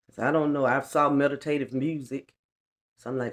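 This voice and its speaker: A woman's voice: very deep voice, lively intonation, moderate pace. A middle-aged woman giving an earnest, colloquial personal testimony on a spiritual vlog, repeating lines for emphasis. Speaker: spiritual vlogger.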